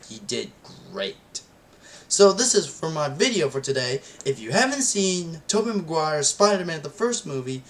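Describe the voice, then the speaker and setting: A man's voice: medium pitch, a little hiss or hum. Rambling young man reviewing a film. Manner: rambling and excitable, many restarts and "and then". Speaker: channel host reviewing a film.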